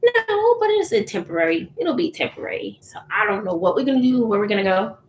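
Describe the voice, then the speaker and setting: A woman's voice: medium pitch, sing-song, fairly quick. A woman, chatting candidly with viewers and laughing often. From Texas, USA. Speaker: YouTuber answering viewers. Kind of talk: casual live chat. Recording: roomy echo, faint noise.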